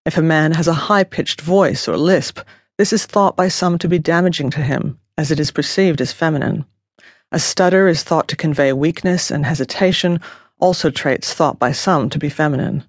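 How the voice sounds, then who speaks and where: A woman reads her own nonfiction audiobook in a steady, measured way. She is recorded on a close studio mic in a dead-dry booth with no room sound at all. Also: low voice, no room sound. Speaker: author narrating her own book.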